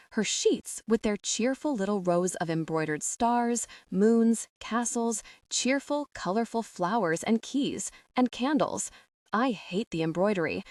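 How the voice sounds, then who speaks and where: A woman narrating a first-person fantasy audiobook in a measured, expressive way. Her mid-pitched voice is recorded dry, with no room sound, and sits a little away from the microphone. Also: no echo. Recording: dry, somewhat distant from the mic.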